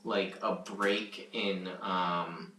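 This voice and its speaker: A man running a tabletop game as game master, animated, often laughing and restarting his sentences. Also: sits low, extremely slow. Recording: echoey room, mic at a distance, faint noise.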